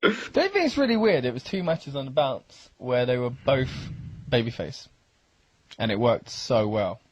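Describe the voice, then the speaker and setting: A man's voice: medium pitch, sing-song, moderate pace, no room sound. A man in casual, joking chat, heard in an older clip. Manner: joking, offhand. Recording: dull lo-fi older recording.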